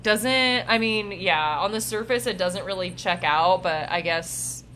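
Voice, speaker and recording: A woman's voice: medium pitch, unhurried, bright, forceful tone, slight background noise. Laughing young woman chatting casually. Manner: laughs often, many fillers. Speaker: podcast co-host. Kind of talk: casual spiritual chat.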